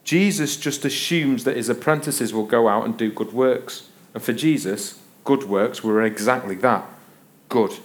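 A man's voice: mid-range voice, unhurried. A middle-aged man preaches with a playful, self-mocking storytelling manner. His voice sits in an ordinary middle register, and he moves easily from joking anecdotes into teaching. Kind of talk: sermon.

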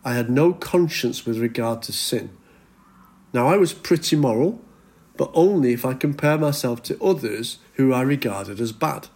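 A middle-aged man preaching earnestly from the pulpit. His voice sits at an ordinary pitch, and he slows right down to lean on the words of scripture. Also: darkish tone. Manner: earnest, slows down for emphasis when reading scripture. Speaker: pastor. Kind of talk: sermon.

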